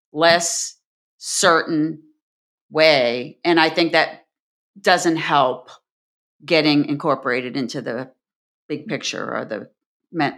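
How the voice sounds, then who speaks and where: A woman's voice: low-pitched, a bit bright. A woman scientist telling anecdotes in a chatty, conversational interview. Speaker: senior scientist.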